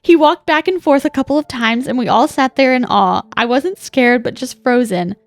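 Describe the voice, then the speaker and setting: A woman's voice: sits high, moderate pace, no echo, faint music behind. Young woman reading a ghost story. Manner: dramatic storytelling, reacts with gasps and laughs. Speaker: podcast co-host. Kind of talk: reading listener ghost stories aloud.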